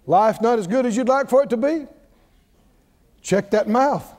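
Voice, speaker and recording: A man's voice: extremely high pitch, normal speed, darkish tone, big-room sound. A man preaching a sermon, drawing call-and-response from the congregation with emphatic, repeated lines.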